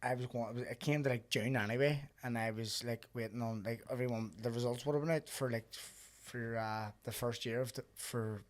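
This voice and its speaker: A man's voice: mid-range voice, fairly quick. A young man, a podcast guest who swears freely and tells stories with animation. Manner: swears a lot, animated storyteller. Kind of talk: casual chat.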